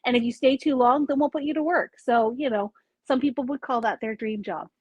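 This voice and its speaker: Chatty upbeat woman showing off store stuff, high voice, dry close sound. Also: fairly quick, a little mellow, husky, no room sound. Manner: chatty, upbeat, lists items with small asides. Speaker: craft store host. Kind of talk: casual live product showcase. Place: craft store.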